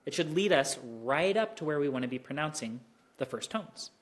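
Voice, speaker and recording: Teaching Mandarin tones online, this instructor speaks in a mid-range voice full of lively intonation. The delivery is slow and careful, stretching the tones to show how they work.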